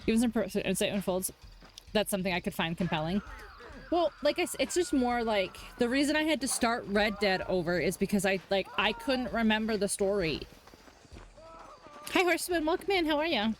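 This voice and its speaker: A woman's voice: mid-range voice, lively intonation, brisk. Chatty woman streamer, swearing freely. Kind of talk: casual gaming commentary.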